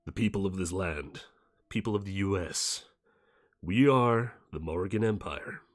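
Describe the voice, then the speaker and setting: A man's voice: low voice, unhurried. A man voicing a threatening male empire leader in a put-on fake American accent, repeating his demands. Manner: repetitive, threatening, declamatory. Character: menacing male empire leader issuing ultimatum. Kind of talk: tabletop role-play voicing.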